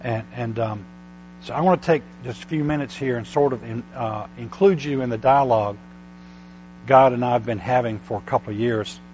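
A man preaching a sermon, often restarting his words, slow and halting at first and then building to loud, emphatic passages. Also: mid-range voice, a little hiss or hum, poor audio.

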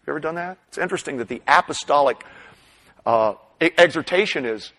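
A middle-aged man preaching a sermon, animated, swinging between loud bursts and hushed asides. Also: on the high side, quick pace, low-quality recording. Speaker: pastor.

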